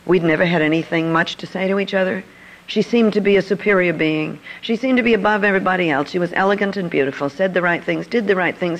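Older woman with a gravelly voice. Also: lowish voice, rough recording. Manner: personal, confiding storytelling. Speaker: speaker. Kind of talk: storytelling talk.

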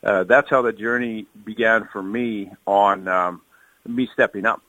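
Earnest, bright-voiced man on a call. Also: on the low side, fairly even intonation, measured pace, no echo, dull audio. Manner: earnest, emotional, repeats words while searching. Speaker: kidney donor, firefighter. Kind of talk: phone interview. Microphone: phone call.

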